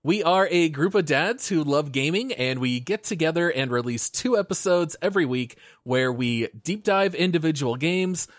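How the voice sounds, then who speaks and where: A man's voice: a little high, no room sound, studio quality. A man hosting a gaming podcast, reading the intro in an upbeat, announcer-like way and then chatting casually. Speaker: podcast host.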